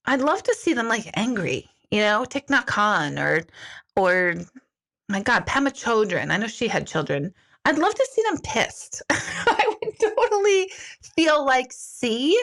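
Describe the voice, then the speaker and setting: A middle-aged woman talks loosely to her livestream viewers, answering their comments with quick asides. Her voice sits at an ordinary middle pitch, lively and self-deprecating in manner. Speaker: spiritual medium hosting a live Q&A. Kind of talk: casual livestream chat reading viewer comments.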